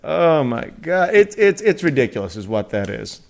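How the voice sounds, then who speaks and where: A man's voice: on the high side, sing-song, normal speed, vocal fry. A man in his forties talks off the cuff on his own podcast, swearing freely and tripping over restarts. His delivery is loose and rambling, with chuckles slipped between thoughts. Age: 40s. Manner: rambling, profane, frequent restarts and laughs. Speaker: podcast host. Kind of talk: casual solo podcast rant.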